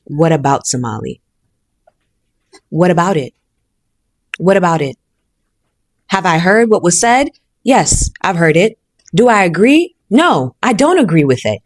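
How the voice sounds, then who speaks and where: Woman commentator, fairly low voice, dry close sound, rhetorical, defiant. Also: big pitch swings, a little slow, long pauses, no room sound. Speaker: social media commentator. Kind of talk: direct-to-camera commentary.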